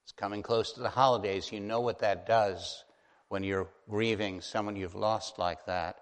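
A man's voice: fairly low pitch, fairly even intonation. Earnest male pastor in a reverberant hall. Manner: earnest, pastoral, slows down to stress key phrases. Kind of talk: sermon.

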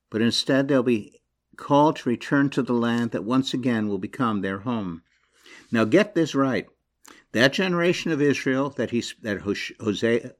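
A middle-aged man preaches a sermon, reading scripture and building to loud, high, emphatic passages before dropping low and quiet.

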